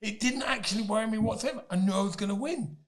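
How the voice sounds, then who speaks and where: Brief: man in his fifties, a high, lively storyteller who laughs often. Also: quick pace. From Britain. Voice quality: laughs often mid-story, loud emphatic bursts. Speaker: guest. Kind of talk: animated storytelling.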